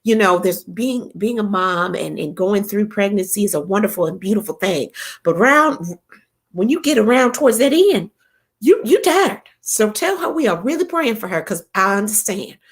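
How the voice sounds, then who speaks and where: A woman's voice: expressive, moderate pace. A middle-aged woman hosting a casual live-stream chat, reading viewer comments and telling a funny story, laughing often. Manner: chatty, laughs often, playful exaggerated swoops in pitch. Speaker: host of a live chat show.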